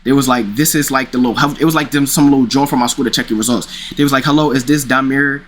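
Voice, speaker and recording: A man's voice: mid-range voice, quick pace, a little hiss or hum. A young man casually telling a rambling personal story, full of slang and restarts. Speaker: streamer.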